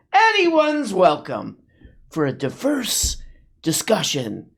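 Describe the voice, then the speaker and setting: A man doing sarcastic reaction commentary, mocking what he watches with mock-awed asides. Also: on the high side. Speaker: commentary host.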